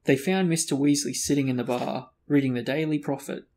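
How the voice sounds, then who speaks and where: A man's voice: medium pitch, brisk, darkish tone. A man reading a fantasy novel aloud as host of a book discussion. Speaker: reader and host.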